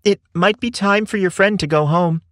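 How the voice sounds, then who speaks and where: A man's voice: high voice, normal speed, a bit bright, no room sound, clean studio sound, voice pushed up. A man voicing a young man's mother, calling in a pleasant but firm way in a storybook reading.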